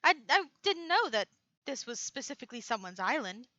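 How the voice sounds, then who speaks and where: A woman's voice: fairly high pitch, big pitch swings, brisk, sharp tone, dry recording, dull audio. A woman playing her character in a tabletop role-playing game, playful and a bit stumbling. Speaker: player.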